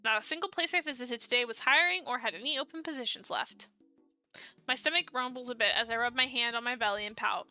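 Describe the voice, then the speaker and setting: A woman's voice: fairly high pitch, quick pace, bright, forceful tone, soft background music. A young woman streamer reading a dating sim aloud in first person and reacting with playful, laughing asides.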